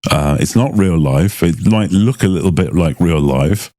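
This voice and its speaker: A middle-aged man co-hosting a casual podcast, agreeable and unhurried, searching for words with many fillers. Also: low voice, warm tone, no echo, studio quality. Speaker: podcast co-host.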